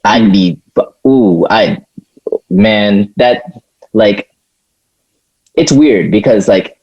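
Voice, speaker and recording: A man co-hosting a podcast in casual chat, rambling and halting, restarting his sentences often. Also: lowish voice, expressive, vocal fry, slightly rough, lo-fi sound. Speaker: podcast co-host.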